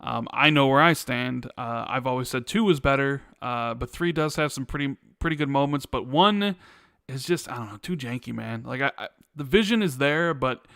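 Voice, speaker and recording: A young adult man co-hosting a casual podcast, reading viewer comments aloud and telling animated stories. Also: mid-range voice, normal speed, vocal fry, clear, resonant tone, no echo, clean studio sound. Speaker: podcast co-host. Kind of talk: casual chat.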